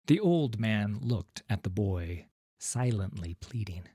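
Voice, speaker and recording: A man narrating a fantasy story in a slow, measured storytelling manner. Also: lowish voice, animated, mellow, husky, no echo, clean studio sound. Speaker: audiobook narrator. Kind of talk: scripted narration.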